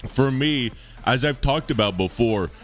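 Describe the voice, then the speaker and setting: A man talking casually to his live-stream chat, his voice swinging widely between low asides and sudden shouted exclamations. He speaks at a middle pitch in a joking, animated way, with faint music playing behind him indoors. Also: unhurried.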